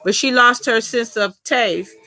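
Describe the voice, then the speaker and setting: A woman's voice: on the high side, a little slow, pushed and bright. A middle-aged woman chatting casually with viewers during a live stream, telling a long personal story in a talkative, colloquial way.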